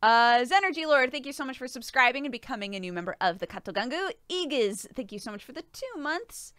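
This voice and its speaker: A woman's voice: sits high, expressive, fast talker, fairly bright tone, clear, resonant tone, no echo. A young pregnant woman streaming, chatting casually with her viewers, laughing often and swearing freely. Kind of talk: casual chat with live chat.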